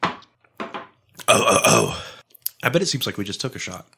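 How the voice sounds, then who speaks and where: A man's voice: fairly low pitch, huge pitch swings, normal speed, gravelly, sharp tone, breathy edge. A man co-hosting a podcast, chatting casually over drinks, profane and laughing as he rambles. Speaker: podcast co-host.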